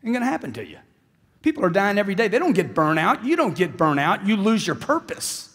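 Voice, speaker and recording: A man's voice: high-pitched, huge pitch swings, fast talker, fairly bright tone, slightly rough, big-room sound. A man giving a live sales seminar speech, intense and emphatic, repeating phrases for punch. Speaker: motivational sales speaker.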